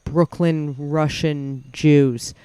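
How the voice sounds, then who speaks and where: Male podcast co-host, wry and rambling, smooth mellow voice, a bit high. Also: steady tone, very slow, no echo. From Ireland. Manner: rambling, filler-heavy, wry. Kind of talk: casual chat.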